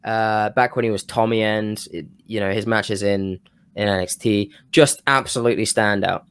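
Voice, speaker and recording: A man co-hosting a podcast, pitching a wrestling storyline in casual chat, rambling and losing his thread now and then. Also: fairly even intonation, moderate pace, fairly bright tone, clean tone. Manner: rambling, self-interrupting, with bursts of enthusiasm. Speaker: podcast co-host.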